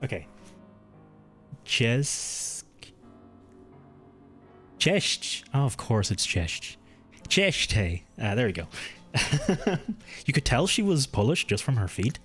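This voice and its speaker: A man's voice: medium pitch, very animated, slow pace, long pauses, faint music behind. A man with a mild Irish accent, chatting casually and rambling while streaming a game, swearing freely. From Ireland. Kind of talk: casual live-stream chat while gaming.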